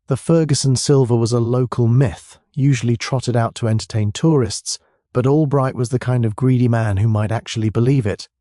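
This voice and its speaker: A man narrating a mystery story in a steady, even storytelling voice. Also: mid-range voice, dry recording, studio quality.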